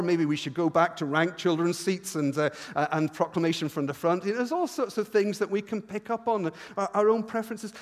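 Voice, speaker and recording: A man preaching a sermon as a pastor, animated and self-deprecating, often restarting his sentences, with a noticeable regional accent. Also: high voice. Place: church. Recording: long reverb in a church hall.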